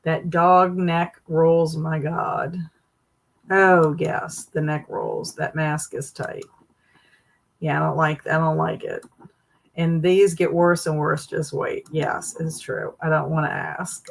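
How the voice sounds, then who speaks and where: A woman's voice: low-pitched, steady tone, slow pace, vocal fry, rough recording. A woman hosting a casual livestream, reacting with amused, laughing commentary. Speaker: livestream host.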